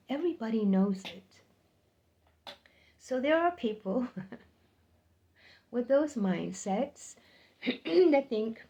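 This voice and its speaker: A woman's voice: medium pitch, darkish tone. An older woman telling a personal story to the camera, chatty and repeating words for emphasis. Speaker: vlogger.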